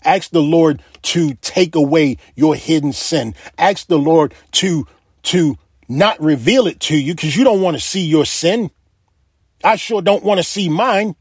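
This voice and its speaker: Male preacher, somewhat high voice, dry close sound, emphatic repetitive sermon cadence. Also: unhurried, slightly rough, dry recording.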